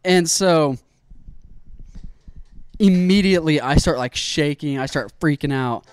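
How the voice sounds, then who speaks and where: Excitable young man telling a story. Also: a little high, measured pace, clean tone, no echo. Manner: animated, swearing, excitable storyteller. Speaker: streamer. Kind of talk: casual storytelling while building a PC.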